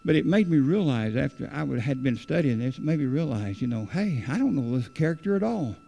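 Male preacher, earnest and rambling, gravelly fry in the voice, church sermon. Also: mid-range voice, expressive, a little fast, warm tone. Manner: earnest, rambling, repeats phrases.

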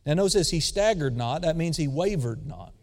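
A man preaching a sermon, swinging between loud dramatic emphasis and quiet asides, calling out for responses from the congregation. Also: a little high, expressive, brisk. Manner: calls for audience response. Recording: long reverb of a large hall.

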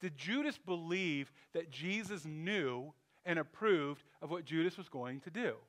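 A man's voice: a little high, lively intonation, unhurried, a bit bright. A man preaching a sermon in a loose, conversational way, thinking aloud with restarts and asides. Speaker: pastor.

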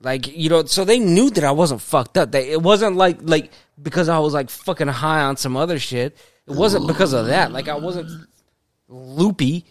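A man's voice: fairly high pitch, moderate pace. A man co-hosting a podcast in casual chat, rambling with many restarts and fillers. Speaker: podcast co-host.

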